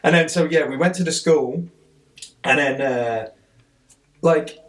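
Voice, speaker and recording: A podcast guest, a man seated a bit back from the mic, rambles excitedly through a story in casual conversation. His voice sits slightly high and he talks a little slowly.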